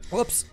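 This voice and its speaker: A man streams a strategy game, chatting casually, thinking aloud and answering chat in a rambling way as he reads messages. His voice is extremely high-pitched, pushed and bright.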